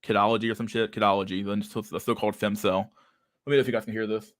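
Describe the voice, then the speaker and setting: A man's voice: lowish voice, level tone, very fast, no echo. A young man hosting a casual livestream, talking over videos in a rambling, profane way and repeating his words. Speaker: streamer host.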